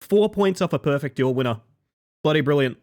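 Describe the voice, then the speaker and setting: A man chatting live to his stream audience, his voice sitting a little high and bouncing through a wide, animated pitch range. He gets excitable, swears freely and laughs a lot. He drops into soft, low asides between his loud bursts. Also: a little fast. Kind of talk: casual live-stream chat.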